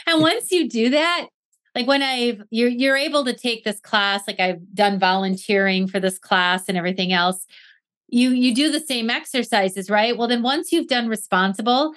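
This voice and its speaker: A woman's voice: fairly high pitch, moderate pace, a bit bright. A woman hosting a podcast in casual conversation, chatty and full of fillers. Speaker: podcast host.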